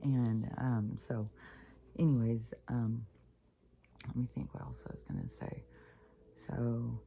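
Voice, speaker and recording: Woman vlogger with a very low, dark voice, rambling casually and dropping into whispery asides. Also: sing-song, slow, creaky, a little hiss or hum. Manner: rambling, many fillers, drops into whispery asides. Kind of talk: casual spiritual vlog monologue.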